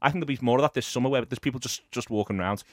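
A man's voice: mid-range voice, no room sound, clean studio sound. A man hosting a casual football podcast, chatty, with frequent false starts and restarts. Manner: quick, chatty, hesitant restarts. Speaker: podcast host.

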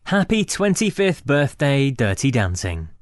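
A man's voice: medium pitch, very animated, a little slow, dry recording. A man hosting a radio podcast, presenting links and teasing his co-host in upbeat studio banter.

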